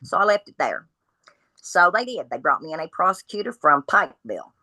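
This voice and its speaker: A woman tells her story as a podcast guest, speaking bluntly and acting out each person's lines. Her voice sits low and lands with a forceful edge. The sound is dry and close. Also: a little fast, no echo, low-quality recording. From Kentucky. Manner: blunt, animated retelling of dialogue.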